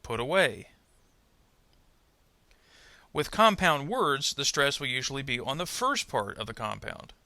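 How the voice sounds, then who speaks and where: A man narrating a pronunciation lesson, speaking carefully and modelling example words slowly. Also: mid-range voice, very animated, sharp tone, dry recording. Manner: slow, careful, modelling word stress. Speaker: ESL pronunciation teacher. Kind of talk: scripted instructional narration.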